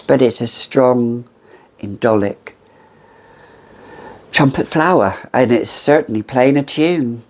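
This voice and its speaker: A woman's voice: very deep voice, slow, pauses often, a little mellow. A woman in her fifties reviewing fragrances in a chatty, theatrical way with gushing asides. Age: 50s. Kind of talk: casual chat to camera.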